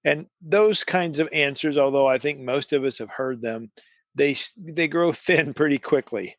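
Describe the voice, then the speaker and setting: A man's voice: on the high side, moderate pace, dry recording. A man, an author and theologian, answering interview questions and explaining his views.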